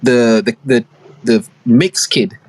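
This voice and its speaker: A young man rambles through a long story on a casual podcast, leaning on slang and fillers as he goes. His voice sits at an ordinary middle pitch with a husky edge. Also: steady tone, takes it slowly. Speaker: podcast co-host. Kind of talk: casual chat.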